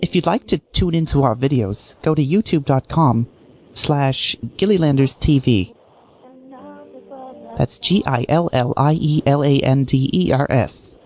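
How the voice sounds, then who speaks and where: A woman's voice: a bass voice, unhurried, darkish tone. A woman streamer chatting to her viewers and making prank calls, crude and joking, swearing freely. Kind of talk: casual live-stream chat with prank calls. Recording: voice over guitar music.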